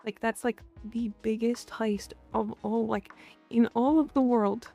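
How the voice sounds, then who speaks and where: With soft music in the background, a young Canadian woman chats playfully on a live stream, reading and answering viewer comments and growling "rawr" at them. She's unhurried and mellow, with a higher-side pitch, fairly even intonation, and vocal fry.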